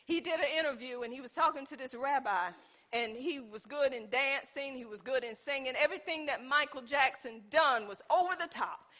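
A woman preacher with a high, bright, ringing voice delivers a sermon at normal speed, informally addressing the congregation as "y'all." She starts with easy, conversational storytelling and builds into loud, impassioned exhortation.

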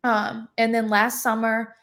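As a guest on a podcast, a young woman tells her testimony in a relaxed, chatty manner packed with "like" fillers. Her voice is fairly high, bright, and monotone, with a measured pace.

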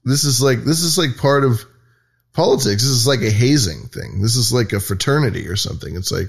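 A man's voice: medium pitch, expressive, a little fast, creaky, husky. A man hosting a podcast, talking in loose, profane, mocking casual commentary with lots of restarts. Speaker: podcast host.

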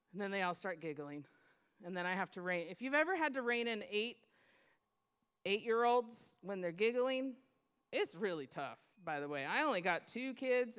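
A middle-aged woman pastor telling a lively story in a sermon, acting out children's voices and laughing often. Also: medium pitch, clear, resonant tone.

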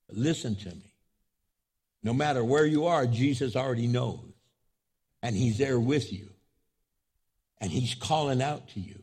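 A male pastor preaches with a husky, breathy edge to his voice. He climbs to loud, high peaks and then drops to low, hushed asides. He slips into quoted voices as he goes. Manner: preaching with big swings in pitch and loudness, voicing quoted speech. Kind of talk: sermon. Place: church, with an online audience.

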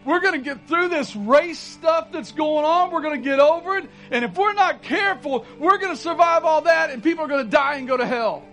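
A man delivers a sermon in a strikingly high voice, talking in a folksy, conversational way. He leans into repeated phrases when he wants to drive a point home. Faint music plays quietly behind him. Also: brisk, hardly any pauses, rough recording. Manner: folksy, rising to urgent emphasis with repeated phrases. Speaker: pastor.

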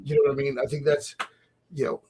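A man hosting a casual faith talk show, animated and laughing often as he acts out little voices. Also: mid-range voice, fast, slight background noise. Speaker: host. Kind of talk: casual radio chat about faith.

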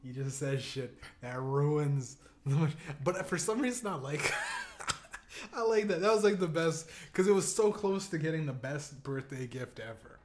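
Male podcast host, casual profane storyteller, lively swooping pitch, frequent laughter. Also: moderate pace, few pauses, slight background noise. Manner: profane, laughing, animated storytelling with acted-out quotes.

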